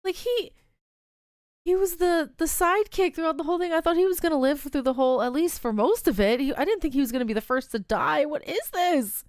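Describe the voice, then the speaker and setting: A woman's voice: high voice, fast talker, dry recording, studio quality. A woman streamer reacting live to a fan game, exclaiming often, laughing and sighing between her remarks.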